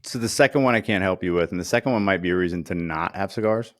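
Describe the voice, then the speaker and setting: A man's voice: deep voice, quick pace, no room sound, clean studio sound. A man co-hosting a casual chat, telling stories with lots of fillers and acting out quoted voices. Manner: animated storyteller, acts out quoted voices. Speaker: podcast co-host.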